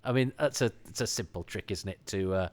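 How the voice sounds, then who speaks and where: A man's voice: lowish voice, brisk, a little mellow. A man from England hosting a podcast, talking casually on his own, rambling with many restarts and enthusiastic asides. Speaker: podcast host. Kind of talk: casual solo commentary.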